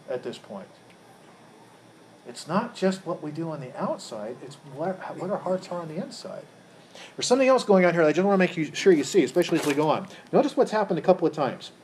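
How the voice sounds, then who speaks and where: Male Bible teacher, slightly raised pitch, asks the group questions and circles back over his words. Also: expressive, fairly quick, darkish tone, slight background noise. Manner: quizzes the group, repeats words when rephrasing. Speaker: Bible study leader.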